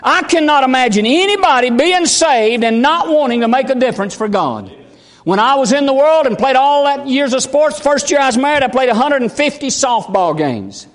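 A man's voice: very high-pitched, lively intonation, normal speed. A man, preaching a fervent, folksy sermon as pastor. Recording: long hall reverb.

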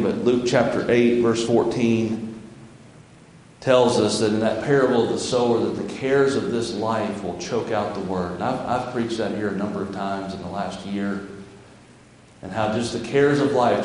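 A pastor with a fairly low, slightly mellow voice gives a folksy, conversational sermon in his church's sanctuary, pausing his own remarks to read scripture aloud. The recording is very echoey, with long reverb.

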